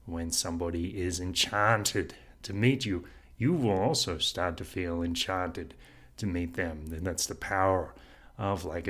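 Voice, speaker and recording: A man hosting a podcast, talking through an idea in a reflective solo monologue, earnest and unhurried, with frequent soft laughs. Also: sits low. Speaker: podcast host.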